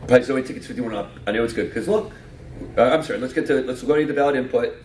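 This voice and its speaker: A man's voice: medium pitch, rapid-fire, darkish tone. A man giving a conference talk, joking and quizzing the audience as he walks through his slides. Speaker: conference speaker. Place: conference room. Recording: echoey hall from far off, faint noise.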